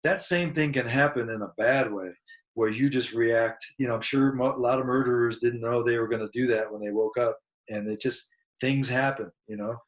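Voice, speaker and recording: This man talks at a middle pitch, as a guest musician telling a story in a casual interview. He is earnest and reflective. He grows animated when he acts out what people said. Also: moderate pace, poor audio.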